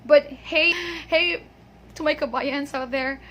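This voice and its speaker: A woman's voice: high-pitched, slow pace, a bit bright. A woman with a Filipino accent giving a chatty pronunciation lesson, laughing often and saying "okay" a lot. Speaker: English pronunciation teacher. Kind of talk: casual video lesson.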